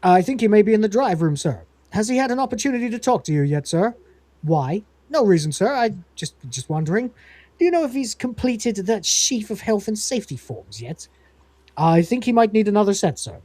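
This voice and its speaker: A man's voice: high voice, big pitch swings, brisk, mellow, no echo, voice pushed up. A man voicing a fussy, servile male android butler who calls everyone sir. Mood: dutiful.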